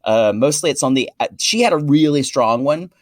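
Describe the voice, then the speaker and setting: A man co-hosting a casual podcast, chatty and catty, with quick asides. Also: on the high side, expressive, no echo, studio quality. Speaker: podcast co-host.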